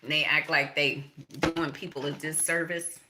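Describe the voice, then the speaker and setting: A woman's voice: low-pitched, fairly even intonation, moderate pace, background noise. A middle-aged woman, talking in a blunt, profane, rambling monologue with laughing asides. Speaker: tarot reader.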